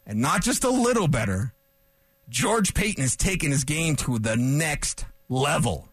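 A man hosting a sports talk radio show, ranting in an animated, opinionated way into a studio microphone. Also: a little high, a little slow, slightly rough, no room sound.

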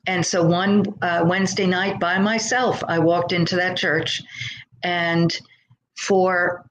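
A middle-aged woman, a guest on a podcast, tells the story of her life in an earnest, thoughtful way, sometimes acting out the voices of people she quotes. Her voice is fairly low and flat, her pace slow, and the recording is rough. It's conversational storytelling.

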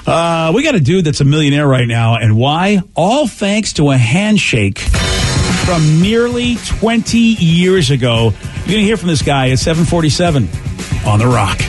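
A man's voice: a little high, big pitch swings, normal speed, soft background music. A man hosting a radio show and chatting in a joking, bantering way. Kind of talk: casual radio chat.

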